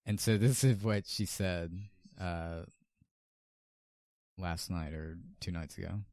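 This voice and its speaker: A man's voice: low-pitched, takes it slowly, a little mellow, no echo, clean studio sound. A young man co-hosting a podcast in casual chat, laid-back, swearing often and laughing. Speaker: podcast co-host.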